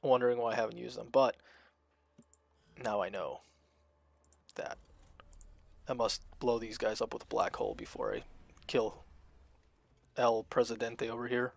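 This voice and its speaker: A man streaming a strategy game, chatting casually and thinking out loud as he plays, with frequent fillers and restarts. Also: medium pitch, little pitch movement, measured pace, creaky, pauses often, no echo. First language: Russian. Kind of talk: casual gameplay commentary.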